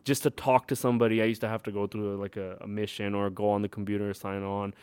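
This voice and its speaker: A man in his twenties with a Californian accent, telling stories as a podcast guest, animated and full of "like" fillers, laughing often. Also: fairly low pitch, quick pace, smooth, no echo. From Thailand and California. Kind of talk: casual storytelling.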